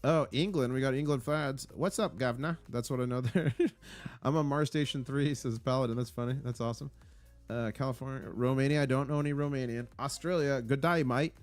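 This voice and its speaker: A man's voice: medium pitch, steady tone, brisk, soft background music. A man hosting a casual live stream, reading out viewer comments in an upbeat, rambling way. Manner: rambling, with fillers and restarts. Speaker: livestream host.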